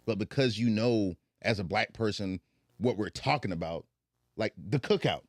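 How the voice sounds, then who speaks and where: A man's voice: lowish voice, normal speed, no room sound, clean studio sound. A young Southern man with an African American accent, chatting casually and telling stories with lots of asides. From Southern United States. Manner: animated, digressive storytelling. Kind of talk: casual chat.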